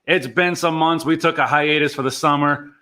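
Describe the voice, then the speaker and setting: A man co-hosting a loose, casual chat show, full of swearing and open excitement. His voice is bright and forceful, and he sometimes stumbles as he rushes ahead. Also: a little high. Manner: excited, swears a lot, stumbles over words. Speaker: podcast co-host.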